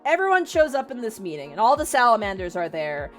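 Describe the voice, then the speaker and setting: Animated young woman retelling a story. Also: on the high side, fast, soft background music. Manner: animated, full of 'like' and swearing. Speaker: streamer.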